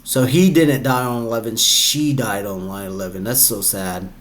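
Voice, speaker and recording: A man's voice: on the low side, steady tone, moderate pace, a bit bright, slight background noise. A young man hosting a reaction video, talking casually and chattily, and laughing often. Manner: chatty, laughs often, acts out quoted voices.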